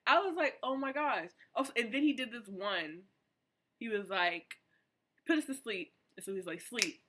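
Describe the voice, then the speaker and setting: A young woman, a college student, excitedly telling a casual storytime vlog in slangy, animated speech. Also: medium pitch, moderate pace. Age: young adult. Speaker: vlogger.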